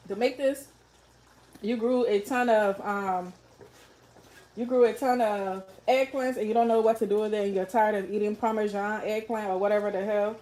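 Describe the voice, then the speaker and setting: A woman's voice: medium pitch, a little mellow. Chatty woman cooking live for viewers. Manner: chatty, talks straight to viewers, reads out comments. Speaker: cooking livestream host. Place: home kitchen.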